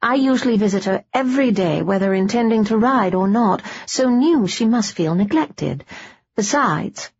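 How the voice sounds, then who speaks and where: A woman's voice: medium pitch, expressive, moderate pace, husky, lo-fi sound, voice pushed up. A woman voicing a cheerful, teasing young noblewoman who speaks earnestly. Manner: bright, teasing, solemn at times.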